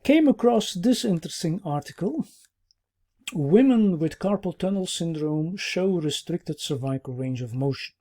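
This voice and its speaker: A man teaching a recorded clinical course, explaining at an even pace with many "uh" pauses and checking "yeah?" tags. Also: high voice. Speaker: orthopaedic medicine instructor.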